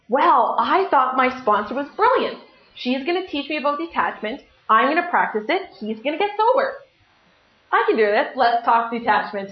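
A middle-aged woman with a fairly high voice shares her personal story at a recovery meeting, poking fun at herself with gusto and acting out what others said. The room is echoey and the sound is dull and lo-fi.

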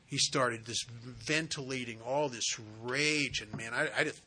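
A man with a bright, forceful tone speaks at a recovery meeting. As a sponsor, he tells a story in an earnest, conversational way, in a voice of middling pitch. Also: a little slow.

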